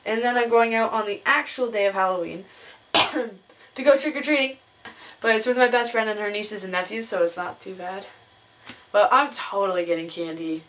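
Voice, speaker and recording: A woman's voice: fairly even intonation, moderate pace, fairly bright tone. A young woman vlogging casually to her camera, chatty and laughing often as she tells stories. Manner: chatty, laughs often, mimics others in a higher voice. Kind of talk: casual chat.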